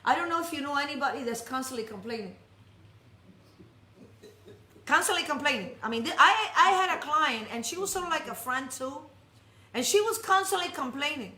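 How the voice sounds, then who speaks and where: Female preacher with a high voice, animated and humorous storyteller, echoey worship hall. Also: fast talker. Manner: animated, jokey storyteller with many restarts. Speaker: speaker at a congregation. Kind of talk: storytelling sermon.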